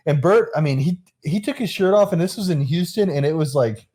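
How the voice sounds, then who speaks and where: A young man co-hosting a casual podcast, eager and loud, with many fillers. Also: a little high, lively intonation, a little fast. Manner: enthusiastic, loud, filler-heavy. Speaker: podcast co-host. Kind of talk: casual chat.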